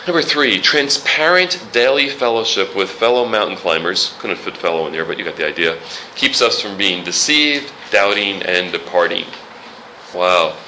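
Male pastor, very bright tone, chatty sermon with jokes, faint room noise behind. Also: sits low, animated, normal speed, poor audio. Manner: conversational, joking asides.

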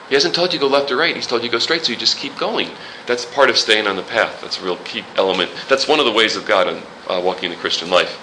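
Male pastor, very bright tone, chatty sermon with jokes, faint room noise behind. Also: mid-range voice, fast, poor audio. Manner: conversational, joking asides.

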